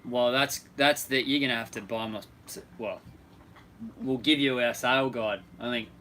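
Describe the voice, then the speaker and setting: A man with an Australian accent chats casually as co-host of a live Q&A, joking and tripping over his own restarts. His voice is bright and forward, with a faint hiss of noise under it. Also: mid-range voice, fairly even intonation, moderate pace, poor audio. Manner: joking, rambling, self-interrupting.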